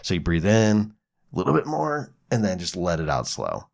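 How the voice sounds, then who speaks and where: A man with a low voice and vocal fry hosts a psychology podcast, speaking at a moderate pace. His advice is relaxed and conversational, sprinkled with casual swearing and acted-out examples.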